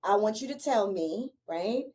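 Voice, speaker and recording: Encouraging woman host with a mellow voice. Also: medium pitch, animated, normal speed. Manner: encouraging, with frequent affirming murmurs. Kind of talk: interview talk.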